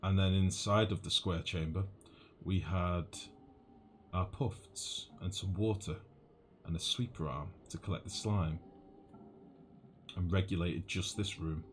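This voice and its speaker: A man's voice: low-pitched, steady tone, measured pace, long pauses, slight background noise. A young northern English man live-streaming a game, thinking aloud and chatting casually with viewers, calling them mate. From northwest England. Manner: thinks aloud, chats with chat, calls people mate.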